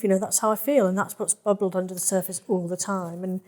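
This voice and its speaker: A woman speaking emotionally with her therapist, halting and searching for words. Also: medium pitch, fairly even intonation, a little mellow. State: emotional, near tears. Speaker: therapy client.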